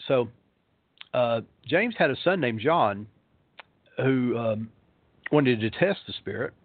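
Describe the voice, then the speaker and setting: A man's voice: medium pitch, dry recording. A male pastor, telling a ghost story in a rambling way, full of ums and uhs, heard over a phone line. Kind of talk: storytelling on a talk show.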